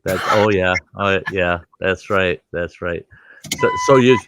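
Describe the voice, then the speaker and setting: Deep, slow-talking man hosting. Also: background noise. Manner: laid-back, salty, joking. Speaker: host of the livestream. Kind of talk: casual chat.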